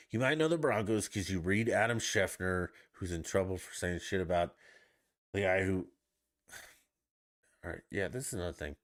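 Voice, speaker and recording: A man with a lowish voice hosts his own podcast, ranting on his own about sports. He sounds fed up and swears freely as he goes on. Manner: ranting, profane, exasperated. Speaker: podcast host. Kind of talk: solo sports rant podcast.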